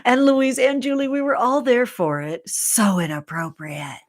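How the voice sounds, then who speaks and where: A woman hosting a casual live stream, chatting playfully with viewers and slipping into soft whispers and remembered cheers. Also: a little high, measured pace, no echo, clean studio sound. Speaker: tarot content creator, live stream host.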